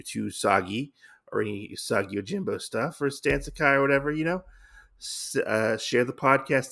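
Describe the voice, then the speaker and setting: A man with a gravelly, creaky voice hosts a laid-back podcast. He recaps a comic story loosely, full of "uh"s and self-corrections. His pitch sits in an ordinary middle range. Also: fairly bright tone. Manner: rambling, many fillers and restarts. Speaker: podcast host. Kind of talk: casual comic book recap.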